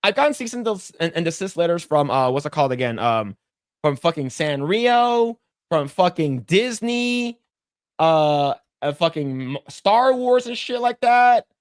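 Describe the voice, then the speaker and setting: A man's voice: on the high side, sing-song, measured pace, clean tone, dry recording, studio quality. Rambling, swearing man on a podcast. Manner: rambling, repeats himself, swears a lot when annoyed. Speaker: podcast co-host. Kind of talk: casual chat while drawing on stream.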